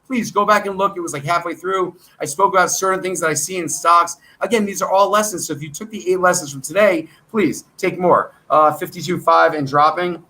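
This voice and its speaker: An American man hosting a stock market livestream, rambling and excitable, with self-deprecating asides. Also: high-pitched, brisk, hardly any pauses. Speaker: stock market show host. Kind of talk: casual livestream commentary.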